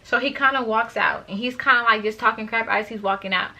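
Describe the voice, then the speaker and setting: A young woman telling a story to her viewers in a chatty, animated way. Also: on the high side, fast talker, creaky. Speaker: vlogger. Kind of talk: story time vlog.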